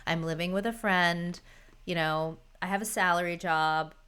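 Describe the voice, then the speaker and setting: A woman's voice: on the low side, fairly even intonation, normal speed, a bit bright, clean tone. A woman in her thirties talking openly as a podcast guest, getting emotional and laughing between sentences. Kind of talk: casual conversation.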